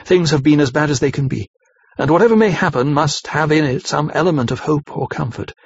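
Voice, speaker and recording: A man's voice: on the high side, vocal fry, husky, dry recording. Man voicing a brave devout young woman. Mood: steadfast. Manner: earnest, measured pleading. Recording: slightly muffled dry recording.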